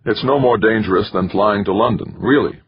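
A man's voice: lowish voice, fairly quick, breathy edge, dry recording, pitched above the performer's own voice. A man doing a terse, wry husband. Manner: clipped, tight, wry. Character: determined middle-aged man, terse and dry-witted. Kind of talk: audiobook character reading. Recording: dull lo-fi recording.

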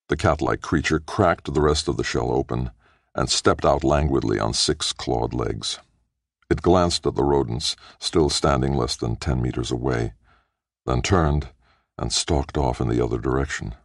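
A man's voice: a bass voice, creaky, a little mellow, no echo, studio quality. A man reading a science fiction audiobook, narrating in a dramatic storytelling manner. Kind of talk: scripted narration.

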